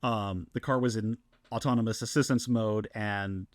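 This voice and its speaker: A man, co-hosting a casual podcast and telling stories in an excited, animated way with many restarts. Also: fairly low pitch, moderate pace, no room sound. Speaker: podcast co-host.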